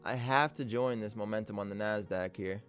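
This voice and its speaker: A man's voice: fairly low pitch, moderate pace, fairly bright tone, soft background music. A man giving live trading commentary, talking to himself about his trades, swearing a lot and sounding exasperated. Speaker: day trader streaming live.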